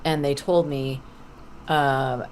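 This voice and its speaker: A middle-aged woman with a notably low, dusky voice, talking over a video call as a podcast guest. She tells her stories with real relish and slips into acted-out quotes along the way. A faint hiss of noise sits under the call. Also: takes it slowly. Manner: lively anecdotal storytelling with acted-out quotes. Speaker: voice actor guest. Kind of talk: podcast interview.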